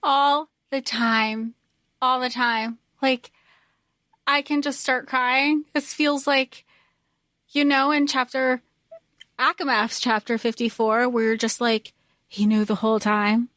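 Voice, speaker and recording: A woman's voice: sits high, little pitch movement, slow pace, a bit bright, no echo, clean studio sound. A woman co-hosting a casual fan podcast, speaking earnestly and emotionally and laughing easily. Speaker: podcast co-host.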